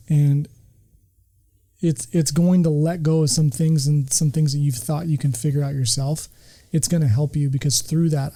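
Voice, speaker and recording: A man's voice: a little high, dark tone, low-quality recording. A man sharing earnestly and emphatically in a casual podcast chat, speaking in terms of faith. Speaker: podcast guest, returning regular.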